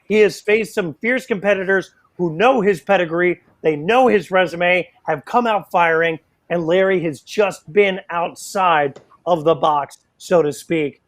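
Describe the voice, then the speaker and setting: Male darts play-by-play caller, slightly raised pitch, excitable, jokey, self-deprecating. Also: unhurried, few pauses. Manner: excitable, playful, self-mocking asides. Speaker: darts commentator. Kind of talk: live sports play-by-play commentary.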